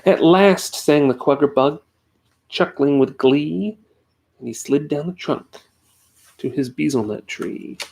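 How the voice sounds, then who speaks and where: A man reading a children's rhyming story aloud at home into a desk USB microphone, giving the characters lively voices. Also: fairly high pitch, measured pace, vocal fry, long pauses, a little hiss or hum. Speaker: reader. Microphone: USB desk microphone on a tripod.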